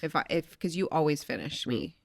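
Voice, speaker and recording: A woman's voice: low-pitched, fairly quick, creaky, no echo. Laughing woman telling stories. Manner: laughing, animated storytelling, swearing. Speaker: podcast co-host. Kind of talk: candid couple's chat.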